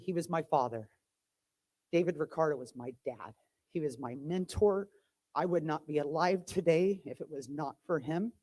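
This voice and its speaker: A woman's voice: low voice, warm tone. Woman giving a heartfelt eulogy. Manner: emotional, heartfelt storytelling. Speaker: eulogy speaker, daughter of the deceased. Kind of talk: memorial eulogy. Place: church memorial service.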